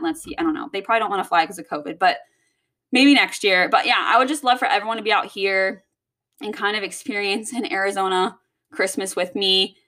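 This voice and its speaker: Bright-voiced young woman venting. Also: medium pitch. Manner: rambling and heavy on swearing. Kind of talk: casual venting monologue.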